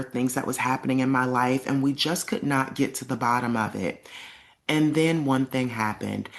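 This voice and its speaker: A young adult woman telling a personal story to camera in a casual, emphatic way, acting out the lines she quotes. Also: rumbling low. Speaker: vlogger.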